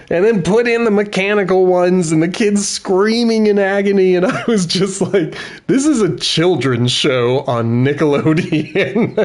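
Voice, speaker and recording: Middle-aged male streamer, unhurried, chatty, laughs easily, casual gameplay talk. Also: on the high side. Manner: chatty, laughs often, self-correcting.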